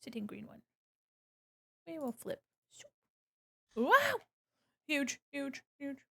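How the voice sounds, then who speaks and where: A woman's voice: sits high, slow, creaky. A woman art streamer chatting playfully with her viewers, humming and singing along as she works. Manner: playful and chatty, hums and sings along to music. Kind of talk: casual livestream chat to viewers.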